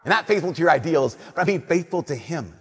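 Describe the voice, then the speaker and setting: A man preaching a conversational sermon, telling stories and slowing down softly on his key points. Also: on the high side, lively intonation, husky, big-room sound.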